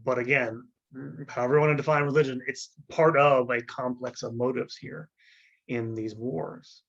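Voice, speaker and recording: A man giving an unscripted history lecture, halting and full of fillers and restarts, often clearing his throat. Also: medium pitch, steady tone, fairly bright tone, muffled recording.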